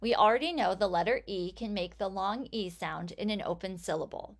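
A woman teaching a phonics lesson for children, reading words out one at a time and praising the listener. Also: mid-range voice. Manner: slow, clear, encouraging word-by-word reading.

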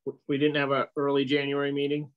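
A man on a town board chats and fires off quick questions. His voice sits at a middle pitch. The recording is muffled and lo-fi. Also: monotone. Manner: chatty, asks quick questions. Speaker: selectboard member. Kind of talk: casual meeting talk.

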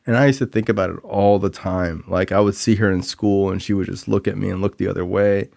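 A young man with a gravelly, low voice tells his story in a loose, rambling way, packing his sentences with fillers. He is candid and hard on himself. The sound is close and dry, with no room echo. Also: steady tone, a little fast, darkish tone. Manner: candid and self-critical. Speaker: podcast host sharing recovery story. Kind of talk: casual storytelling monologue.

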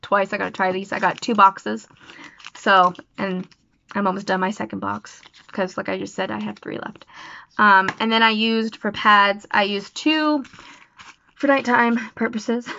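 A woman's voice: medium pitch, fairly even intonation, unhurried, creaky, bright, forceful tone, slight background noise. A young woman talking casually in a personal vlog, rambling and self-deprecating with lots of fillers. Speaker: vlogger. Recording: dull lo-fi sound, dry.

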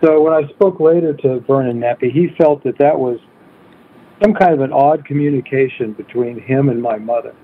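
Man, husky voice, steady anecdote, filler words, tinny phone line. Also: mid-range voice, moderate pace. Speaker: guest coauthor. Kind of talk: storytelling in an interview.

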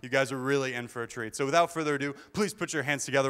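A man's voice: mid-range voice, rapid-fire, fairly bright tone, smooth. A young man from Kentucky doing a chatty stand-up set as emcee on a theater stage, with self-deprecating jokes and mock official voices. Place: live theater stage with an audience. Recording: long hall reverb from a theater stage.

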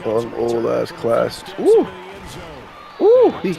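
Gravelly, lively man talking trash. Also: medium pitch, slow pace. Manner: loud, profane, laughing trash talk. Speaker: gamer. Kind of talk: casual trash talk while playing a video game.

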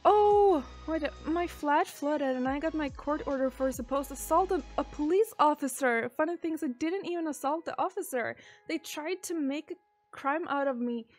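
A woman streamer chats casually on a live stream, reading out viewer messages and answering them. Her voice is high-pitched and a little mellow, at a moderate pace, with soft music playing in the background.

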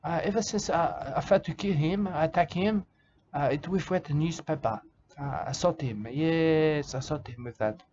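A man playing a rambling, drunk bushman who talks in halting broken English, full of "uh" and repeated phrases, in an improvised comedic monologue, on a slightly dull lo-fi recording with faint hiss. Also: on the high side, a little mellow, natural voice. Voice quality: broken grammar, calls listener "mate". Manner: halting, lots of "uh" and repeated "I can tell you".

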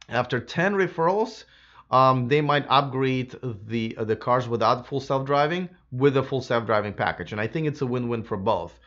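Man, slightly hoarse, casual rambling talk, mid-pitched, dull lo-fi stream sound. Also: fairly bright tone. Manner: rambling, many fillers and restarts. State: slightly hoarse from a sore throat. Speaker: livestream host. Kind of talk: casual live Q&A chat.

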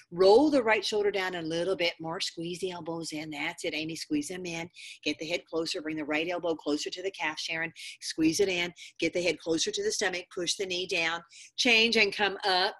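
A woman's voice: on the low side, normal speed, fairly bright tone. Yoga teacher woman calling out poses. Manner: firm, coaching cues calling students by name. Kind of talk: live yoga class instruction. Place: yoga studio.

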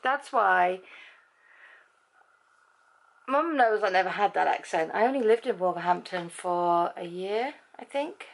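A woman's voice: medium pitch, animated, a little slow, creaky, long pauses. A middle-aged woman from England chatting casually in her vlog, amused as she reacts to clips. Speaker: vlogger.

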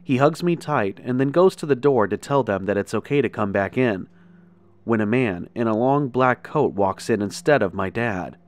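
A man telling a first-person horror story in a steady, measured narration. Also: mid-range voice.

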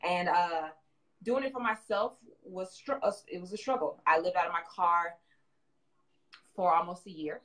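A young adult woman from the South, telling her story as a guest in a casual interview, animated and quick to laugh. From American South. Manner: animated storyteller, acts out quotes with big jumps up in pitch, frequent laughs. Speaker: guest, fashion designer and brand owner.

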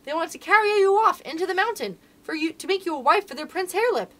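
A woman voicing an honest, brave young miner boy in a storybook reading, dropping her voice lower and speaking steadily. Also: animated, fast talker, a bit bright. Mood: earnest.

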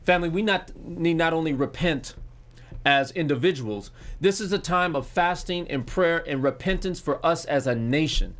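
Guy pastor preaching, earnest, kinda higher voice, keeps repeating words. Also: normal speed, fairly bright tone. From United States. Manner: earnest, repeats words while searching for them. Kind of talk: sermon.

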